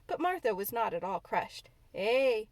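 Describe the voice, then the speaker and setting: A woman narrating a classic novel in an expressive audiobook reading. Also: fairly high pitch, moderate pace, dry recording. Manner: expressive storytelling.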